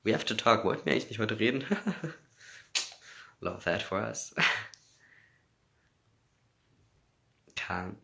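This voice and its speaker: Native English-speaking man on a phone livestream, low and forceful, answers fan comments casually and moves between English and German. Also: lively intonation, slow, vocal fry, long pauses. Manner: reads out comments, laughs often, switches between English and German.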